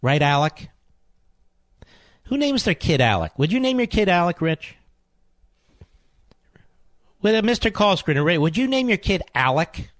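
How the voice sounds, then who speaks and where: A man's voice: high-pitched, very animated, moderate pace, pauses often, fairly bright tone, no echo. A man hosting a talk radio show, delivering a combative, sarcastic monologue full of mocking insults.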